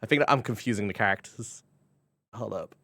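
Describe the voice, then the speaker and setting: A man's voice: on the low side, a little fast, pushed and bright, no room sound. A man with a British accent chatting playfully with his viewers on a live stream, often breaking into giggles. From Britain. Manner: playful, giggly, reacting to chat.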